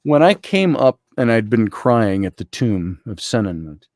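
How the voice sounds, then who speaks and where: A man guest, an Egyptologist, telling a story in conversation, animated and quoting others, and slowly reading aloud from a journal. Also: fairly low pitch, no echo, studio quality. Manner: animated storytelling with quoted voices.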